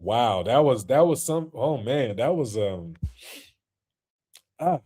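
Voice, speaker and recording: A man's voice: mid-range voice, lively intonation, slow pace, mellow, soft background music. A man hosting a casual reaction stream, talking loosely with lots of slang and fillers and laughing often.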